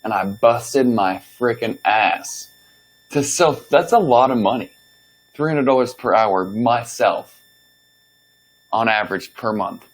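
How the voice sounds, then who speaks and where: A young man hosting a podcast, telling a story from his past jobs in a loose, animated, swear-filled way and acting out what he said back then. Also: mid-range voice, slow, rough recording. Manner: animated, profane, acts out his own past lines. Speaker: podcast host. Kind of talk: casual storytelling monologue.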